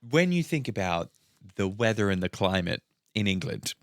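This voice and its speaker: A man's voice: lowish voice, very animated, normal speed, no echo, studio quality. Laid-back Australian guy telling stories. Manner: laid-back storytelling with swearing. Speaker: podcast co-host. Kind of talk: casual podcast chat.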